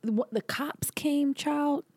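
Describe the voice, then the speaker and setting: Animated storytelling woman, high voice. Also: slow, no room sound. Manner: animated storyteller, acts out quotes. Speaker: podcast co-host. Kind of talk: casual chat.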